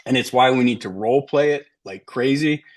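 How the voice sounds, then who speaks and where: A man's voice: medium pitch, fairly quick. A middle-aged man coaching a sales team, talking emphatically and often checking in with "right?". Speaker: sales trainer. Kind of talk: sales training talk to a team.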